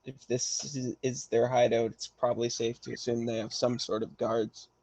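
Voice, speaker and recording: Man playing a plain-talking adventurer, gravelly, flat delivery, dry sound. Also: mid-range voice, normal speed, dry recording, natural voice. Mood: matter-of-fact.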